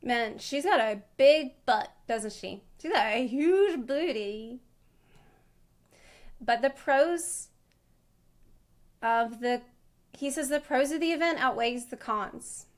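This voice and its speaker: Female streamer, high-pitched, chatty reaction commentary with loose cursing. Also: lively intonation, slow, long pauses. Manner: rambling, laughing, swearing freely.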